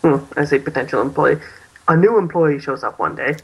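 A man's voice: fairly high pitch, a little fast, breathy edge, poor audio. A man co-hosting a casual podcast, hesitantly recapping a story and laughing often. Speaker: podcast co-host.

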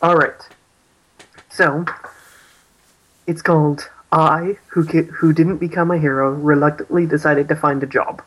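A man's voice: a little high, fairly even intonation, unhurried, pauses often, a bit bright, poor audio. A man co-hosting a casual podcast, hesitantly recapping a story and laughing often. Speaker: podcast co-host.

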